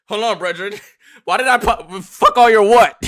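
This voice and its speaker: A man, reacting live to a rap video as a streamer, loud and excitable, often shouting and laughing. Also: sits high, a little slow.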